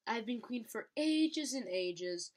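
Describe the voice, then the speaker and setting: A woman's voice: fairly high pitch, animated, slow, a little mellow, voice pushed up. A small, eager young female dragon puts on airs as a mighty queen, mock-grand and playful. A woman reads her aloud in a storybook reading. The voice stays fairly close to an everyday one. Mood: playful pompous.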